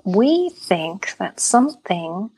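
A woman playing her character in a tabletop game, speaking calmly and in a measured way. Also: medium pitch, husky, rough recording. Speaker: player.

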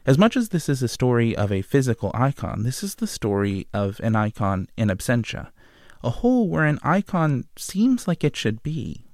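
A man's voice: medium pitch, sing-song, moderate pace, a little mellow, no room sound. A man hosting a show, giving scripted history narration in a wry, dryly humorous way. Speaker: podcast host.

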